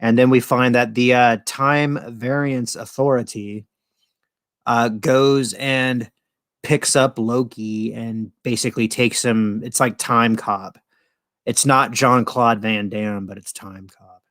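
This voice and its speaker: Slow, crude-talking male stream host. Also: medium pitch, fairly even intonation, a bit bright, dry recording. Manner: crude, rambling, jokey. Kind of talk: casual live-stream commentary.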